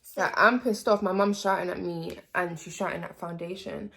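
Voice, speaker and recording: A woman's voice: on the low side, fairly even intonation, moderate pace, vocal fry, fairly bright tone. A young woman, telling a story to camera in a casual vlog, rambling with lots of slang, swearing and filler words. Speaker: vlogger.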